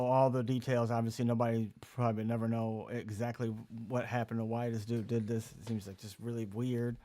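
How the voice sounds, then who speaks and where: A man hosting a casual livestream chat, rambling and joking loosely. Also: medium pitch. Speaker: host.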